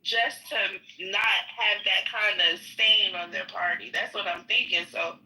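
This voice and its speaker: A woman's voice: mid-range voice, measured pace, sharp tone, far from the mic, low-quality recording. A woman rambling through her view in a political discussion, often trailing off.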